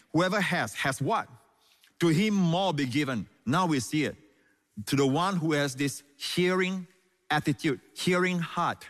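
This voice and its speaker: A man's voice: fairly high pitch, a bit bright, in a large hall. A man preaching a sermon as pastor, stressing lines and calling out hallelujah. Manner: preaching with emphatic repeated lines and call-outs of hallelujah.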